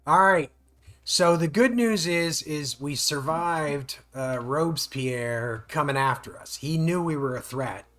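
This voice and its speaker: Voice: medium pitch, unhurried, fairly bright tone. A board game player in a casual tabletop playthrough, explaining the rules step by step and laughing often.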